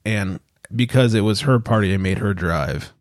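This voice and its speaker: A man's voice: on the low side, normal speed, dry recording, clean studio sound. A man co-hosting a casual podcast, telling stories with lots of swearing and acting out other people's lines. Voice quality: swears freely, animated storytelling. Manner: acts out quotes in raised voices. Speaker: podcast co-host. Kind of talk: casual chat.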